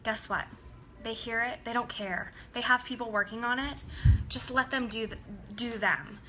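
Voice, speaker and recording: Bright-voiced woman rambling to her team, lots of ums, faint hiss in the background. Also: a little high, fairly even intonation, normal speed, poor audio. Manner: earnest, rambling, many ums. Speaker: team leader addressing her downline. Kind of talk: casual talk to her team.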